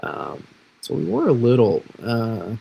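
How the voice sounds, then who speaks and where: A man's voice: medium pitch, wildly swooping pitch, unhurried, vocal fry, muffled recording, a little hiss or hum. A man from Massachusetts, an amateur weatherman, rambling casually through forecast models on a livestream. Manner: rambling, self-deprecating, restarts often. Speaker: weather streamer.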